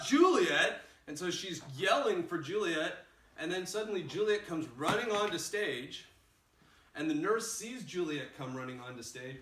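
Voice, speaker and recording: A man teaching a play in a casual, animated way, recorded in a roomy space with the mic far off. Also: a little high. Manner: casual and animated, acts out lines. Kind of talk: explaining a play scene.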